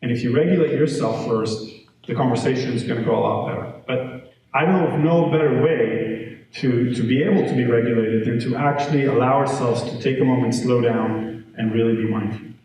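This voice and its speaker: A man who teaches speaks to parents at a live workshop, talking a little fast in a mid-range voice. His storytelling is lively and conversational, with frequent audience check-ins. The recording sounds echoey and faintly noisy because the mic was far away.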